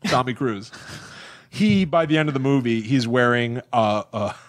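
A man's voice: mid-range voice, normal speed, slight background noise. A young man hosting a podcast in casual chat, rambling and joking with many "uh" fillers. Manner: rambling and jokey, with frequent "uh" fillers. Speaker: podcast host.

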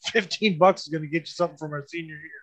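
A man from Florida co-hosting a podcast, telling crude, animated stories in casual chat. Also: a little high, racing, very noisy. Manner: crude, animated storytelling with put-on voices. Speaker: podcast co-host.

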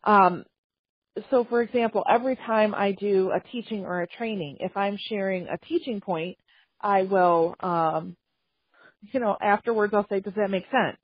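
A woman trainer giving a calm, measured talk on communication skills, acting out example phrases as she goes. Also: mid-range voice, slightly rough, no echo. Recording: dull, slightly lo-fi dry recording.

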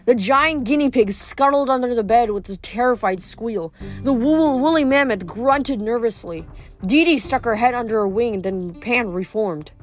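A woman reading a novel aloud in a steady, plain narrating voice. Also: medium pitch, unhurried, soft background music. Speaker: reader.

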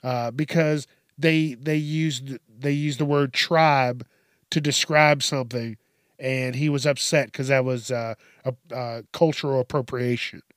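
A man's voice: mid-range voice, steady tone, measured pace, smooth, dry recording, clean studio sound. A man hosting a casual news commentary show, swearing constantly and laughing at his own stories.

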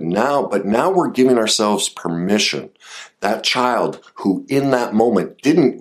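A man giving an earnest self-help talk on grief and anger, coaching the listener directly. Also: on the low side. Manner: earnest, coaching, rises sharply when voicing anger. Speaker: therapist or self-help speaker.

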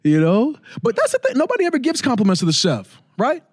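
A man in his thirties co-hosting a casual chat, telling animated stories and laughing often. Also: extremely high pitch, fast, dry recording, studio quality. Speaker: podcast co-host.

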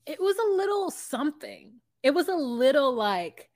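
Woman, podcast co-host, casual recap chat, lively re-enactments, higher voice, dry close sound. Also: normal speed, no room sound. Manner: animated retelling, acting out both sides of a scene.

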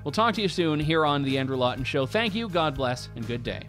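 A man's voice: on the high side, animated, fairly quick, music in the background. A man hosting a talk show, thanking his guest earnestly and signing off to listeners. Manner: earnest, with frequent small restarts. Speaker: show host. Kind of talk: interview and show sign-off.

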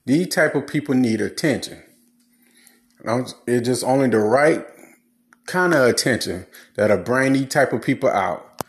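A man's voice: mid-range voice, expressive, a little slow. A man giving blunt, preachy relationship advice in a casual, slangy monologue.

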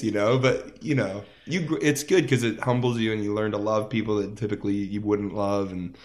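A man's voice: on the low side, a little fast, few pauses, slight background noise. A man in his thirties, a musician, telling stories in a casual interview and acting out quoted voices. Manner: animated, full of "like" and quoted voices. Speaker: musician guest.

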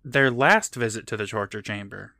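A man's voice: fairly low pitch, moderate pace, vocal fry, bright, forceful tone. A man co-hosting a podcast, recapping a TV episode in casual, joking chat with some swearing. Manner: swearing, laughing, retelling scenes. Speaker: podcast co-host.

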